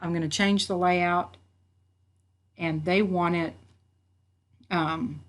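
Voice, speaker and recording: A woman instructor walking through a software tutorial, reading out each step and checking her work as she goes. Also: on the low side. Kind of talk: screen-recorded software tutorial. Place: at a computer.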